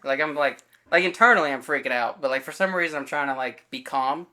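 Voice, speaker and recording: A man's voice: mid-range voice, fast, bright, forceful tone. A man co-hosting a podcast in casual chat, telling a story and acting out the quoted lines of everyone in it, with loose fillers and self-corrections. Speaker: podcast co-host.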